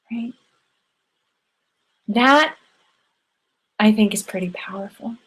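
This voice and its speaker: A woman's voice: medium pitch, measured pace, low-quality recording. Affectionate woman hosting a circle. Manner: affectionate, encouraging, with frequent ums. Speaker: host of an online women's circle. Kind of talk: warm closing remarks to a live online group.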